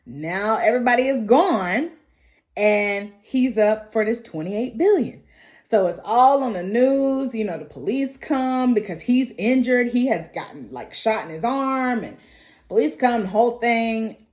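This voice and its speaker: A woman's voice: a little high, a little mellow. A woman giving a casual, chatty movie recap, laughing often and acting out the characters. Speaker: movie reviewer.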